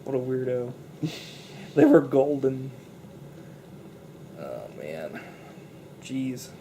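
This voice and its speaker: A man's voice: medium pitch, big pitch swings, drawn-out words, dark tone, a little hiss or hum. A young man co-hosting a casual movie review chat, loose and profane, often laughing.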